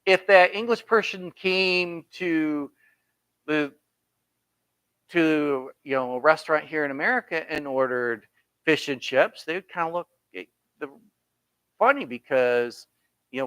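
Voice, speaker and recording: New guy teaching bible study, bright voice, kinda high, lots of "you know" and "right?" asides. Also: measured pace, long pauses, smooth, no echo, poor audio. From New York. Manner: conversational, folksy asides and rhetorical questions. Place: church Bible study room. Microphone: computer streaming the class.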